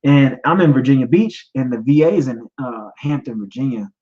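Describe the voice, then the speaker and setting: A man in his thirties speaks in a medium voice, telling his own story as a podcast host. He is choked up and near tears, pausing and repeating himself as he talks. The recording is slightly dull and lo-fi. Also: medium pitch. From United States. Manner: emotional, halting, repeats himself, gets choked up. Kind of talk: personal testimony, live stream talk.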